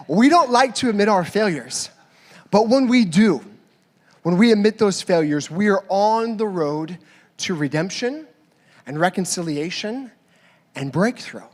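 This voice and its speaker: A man preaching from the pulpit, his voice sitting high for a man. He tells stories animatedly, switching between voices in dialogue. The sound carries a long church-hall reverb. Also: moderate pace. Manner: animated storytelling, acting out both sides of a dialogue. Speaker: pastor. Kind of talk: sermon.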